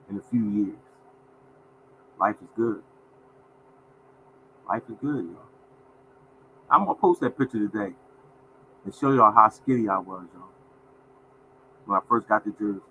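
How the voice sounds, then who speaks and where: A man's voice: lowish voice, normal speed, long pauses, bright, forceful tone, a little hiss or hum, low-quality recording. A man in his fifties hosting a casual livestream, folksy and repetitive, often calling out to viewers as y'all. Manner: folksy, repeats phrases, addresses viewers as y'all. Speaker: livestream host.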